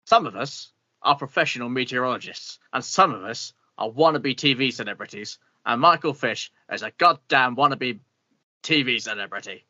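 A man's voice: mid-range voice, moderate pace, pushed and bright, no echo, lo-fi sound. A man playing a pompous, bitter older meteorologist with an upper-class English accent, blustering and grumbling in an improvised comedy interview. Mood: indignant. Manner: blustering, grumbling, swears mildly.

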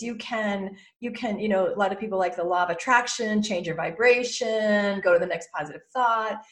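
A middle-aged woman, a podcast guest who mentors business owners, talking lively and acting out inner voices. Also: mid-range voice. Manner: animated, acts out inner voices in quotes. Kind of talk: podcast interview.

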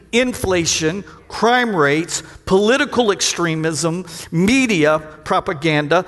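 A middle-aged man preaching a sermon, calling out to the congregation for responses and acting out voices with sudden shouts. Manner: acts out quoted voices with big pitch jumps and shouts. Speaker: pastor. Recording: long hall reverb.

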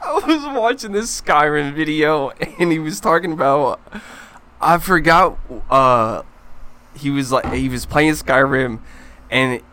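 A man's voice: a little high, lively intonation, unhurried, sharp tone, clear, resonant tone. A young man co-hosting a casual comedy podcast, rambling through stories and laughing often. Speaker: podcast co-host.

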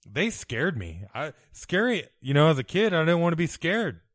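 A man in his forties co-hosting a podcast from home, rambling through stories with deadpan jokes. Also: on the high side, normal speed, no room sound, clean studio sound. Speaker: podcast co-host. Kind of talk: casual comedic chat. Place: home bedroom.

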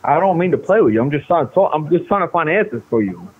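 A man answering a prank call, talking calmly and teasingly while trying to soothe the caller. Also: on the high side, quick pace, husky. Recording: tinny phone line.

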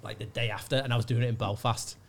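A male comedian, telling a lively story in casual chat and acting out the people in it. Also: mid-range voice, fast, vocal fry, a little hiss or hum. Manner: animated storyteller, shouts out quoted hecklers. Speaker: guest comedian.

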